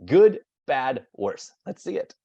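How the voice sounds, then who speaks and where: A man's voice: mid-range voice, very animated, slow pace, warm tone, muffled recording. A man running an improv game for a group, begging them for advice as an overdramatic person with an odd problem. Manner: pleading, playing an overdramatic advice-seeker. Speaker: improv instructor.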